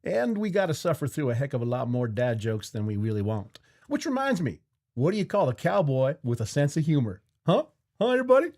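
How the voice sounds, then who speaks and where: A man putting on a folksy cowboy voice for a Western-themed stream intro, drawling slowly through corny dad jokes. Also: medium pitch, very animated, mellow, slightly rough, exaggerated voice. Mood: hammy. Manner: slow drawling delivery with corny punchlines. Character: folksy adult male cowboy host telling dad jokes.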